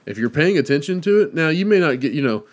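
A man's voice: fairly high pitch, expressive, fast. A man hosting a podcast, talking in an easygoing way with many fillers. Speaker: podcast host. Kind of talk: casual chat.

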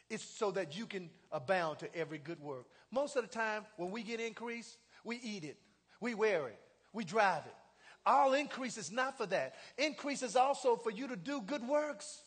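A man pastor preaching a sermon in a church, leading call-and-response and rising to shouts. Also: very high-pitched. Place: church sanctuary. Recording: long hall reverb.

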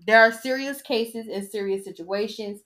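A woman's voice: on the high side, normal speed, fairly bright tone. A woman hosting a podcast in a casual, sassy style, chatting and mocking as she reads an article aloud. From United States. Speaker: podcast host.

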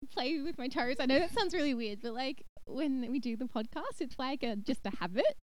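A woman's voice: high-pitched, animated, brisk, no room sound. A young woman co-hosting a podcast, chatting casually with lots of giggles and "like". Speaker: podcast co-host.

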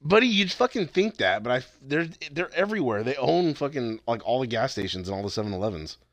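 Young man, low pitch, quick animated casual chat, profane and rambling, dry sound. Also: no echo. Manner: profane, rambling, with frequent restarts.

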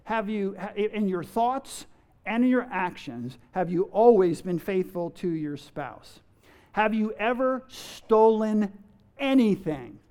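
Preaching in a high, smooth, slightly mellow voice, this man speaks slowly with lively intonation. He pelts listeners with rhetorical questions and playfully acts out everyday quotes, chuckling as he goes.

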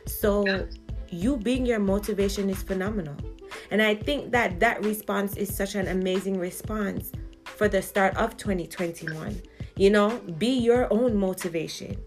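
A woman's voice: mid-range voice, a little slow, faint music behind. Encouraging woman interviewer. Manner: affirming, encouraging. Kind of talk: podcast interview.

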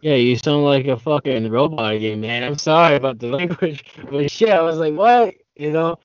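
A man's voice: fairly high pitch, normal speed, clear, resonant tone, dry recording, highs cut off. A man chatting as a podcast guest over an internet call, rambling and packed with fillers. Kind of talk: casual chat over a call.

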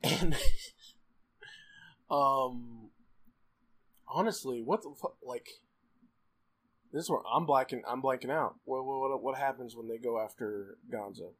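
A man in casual chat, rambling excitedly with frequent laughs and fillers. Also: mid-range voice, slow, long pauses, husky.

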